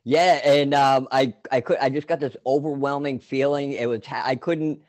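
A man's voice: medium pitch, fairly even intonation, normal speed, a little mellow, dry recording. A man telling a long personal story in casual chat, rambling with many fillers and restarts.

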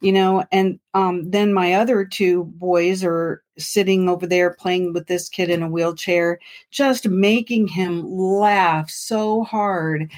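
A woman's voice: lowish voice, takes it slowly. A woman co-hosting a podcast, chatting casually and telling stories with enthusiasm. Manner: enthusiastic, animated storyteller. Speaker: podcast co-host.

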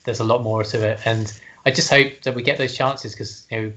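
A man's voice: mid-range voice, fairly even intonation, fairly quick, a bit bright. A man from the United Kingdom, a band member being interviewed, speaking hesitantly with many fillers and restarts. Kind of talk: casual interview chat.

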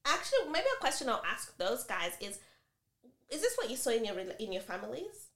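Animated woman telling stories in an echoey room. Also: on the high side, a little fast. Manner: animated, expressive storyteller with many asides. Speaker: podcast co-host. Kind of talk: casual chat, storytelling.

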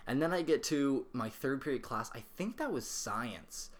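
A young man co-hosting a podcast, telling a story in an animated way, swearing freely and laughing as he talks. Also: mid-range voice, normal speed. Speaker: podcast co-host.

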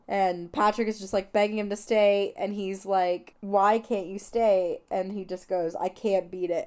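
A woman talks through a film for her podcast, chatty and openly emotional as she recounts scenes. Her voice is clear and smooth, sitting at a middle pitch. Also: a little mellow. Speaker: podcast host. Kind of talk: casual film recap.

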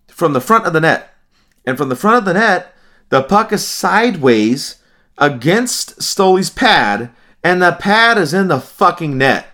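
A man's voice: a little high, pushed and bright. A man co-hosting a sports podcast, ranting with emphatic, profane outbursts. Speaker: podcast co-host. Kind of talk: heated sports talk.

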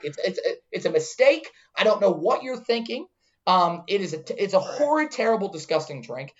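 A man's voice: high-pitched, sing-song, moderate pace. A man hosting a bartender podcast, ranting emphatically with mock sternness in casual chat. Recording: dull lo-fi sound.

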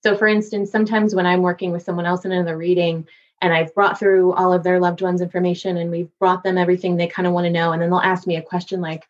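A woman's voice: fairly low pitch, quick pace, lo-fi sound. A woman working as a medium, telling stories in an interview and acting out voices as she goes. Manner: animated storyteller, acts out voices. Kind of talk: podcast interview.

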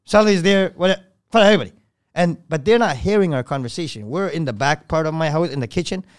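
Smooth-voiced man telling a story bluntly. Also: a little high, fast. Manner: blunt and profane, swinging between loud and hushed. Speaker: podcast guest. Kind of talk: casual storytelling.

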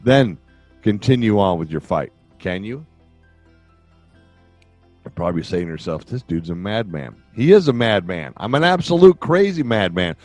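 A man's voice: lowish voice, very animated, moderate pace, long pauses, a little mellow, dry recording, faint music behind. An older man hosting a podcast, giving relationship advice in a rambling, joking way that keeps wandering off on tangents. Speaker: podcast host. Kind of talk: casual advice monologue.

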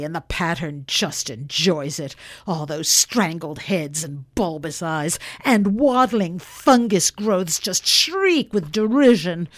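A woman giving a dramatic first-person reading of a short story, moving between hushed and intense. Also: fairly high pitch. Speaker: audiobook narrator.

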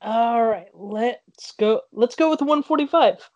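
A man co-hosting a podcast, talking unhurriedly and pausing to think aloud. His manner is easygoing and a bit hesitant. The recording is dry and close-miked. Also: very high voice, no room sound, dull audio. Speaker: podcast co-host. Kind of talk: casual podcast chat.

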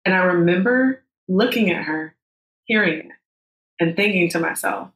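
A woman's voice: lowish voice, normal speed, fairly bright tone. A woman in her thirties telling a personal story as a podcast guest, candid and emotional, with frank swearing. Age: 30s. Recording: roomy echo.

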